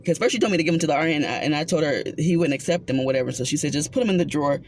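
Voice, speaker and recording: A woman who works as a psychiatric technician, casually telling a story from her job in a rambling, animated way, with plenty of fillers and acted-out dialogue. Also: sits low, very fast, a little hiss or hum. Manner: acts out others' words in reported dialogue.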